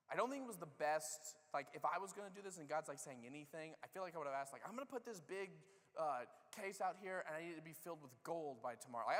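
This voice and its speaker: Animated man preaching in a reverberant hall. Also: on the high side. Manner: animated storytelling, acting out characters' lines. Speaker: pastor. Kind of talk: sermon. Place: church sanctuary.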